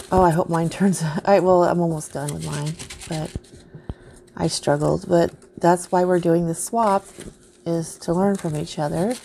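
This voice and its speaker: A woman's voice: deep voice, gravelly, mellow, a little hiss or hum. A woman vlogger unboxing craft mail in casual chat, gushing and easily delighted.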